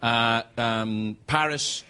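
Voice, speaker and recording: A man's voice: drawn-out words, clear, resonant tone. A Scottish man hosting a late-night show, telling self-mocking stories in a stand-up monologue. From Scotland. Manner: animated, self-mocking storytelling with sudden high-pitched bursts. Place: television studio with live audience.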